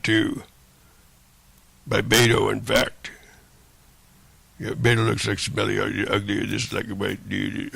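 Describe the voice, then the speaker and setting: Gravelly man on a profane rant. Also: fairly low pitch, a bit bright, dry recording. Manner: profane, repetitive, rambling rant. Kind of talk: rambling monologue.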